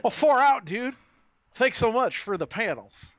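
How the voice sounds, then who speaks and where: A man's voice: very high-pitched, sing-song, measured pace, a bit bright, dry recording, voice pushed up, full character voice. A man voicing a laid-back eighties surfer-dude hacker with an easygoing drawl and lots of dude slang.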